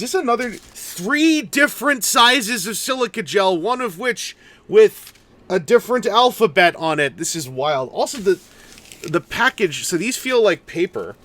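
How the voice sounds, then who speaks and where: A man's voice: fairly high pitch, fairly bright tone, a little hiss or hum. A man giving casual, rambling commentary while building and unboxing a collectible toy, with jokey asides. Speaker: toy reviewer.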